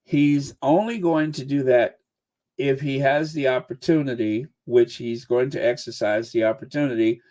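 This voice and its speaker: A man's voice: mid-range voice, normal speed, darkish tone. A man in his sixties, hosting a livestream with casual, joking commentary. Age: 60s. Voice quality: chatty, joking, frequent laughs. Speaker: channel host.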